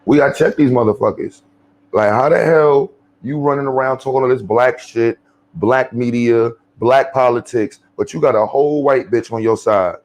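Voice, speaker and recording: A man's voice: medium pitch, moderate pace, a little mellow. A man hosting his channel, giving blunt, profane off-the-cuff commentary. He rambles with many fillers and restarts.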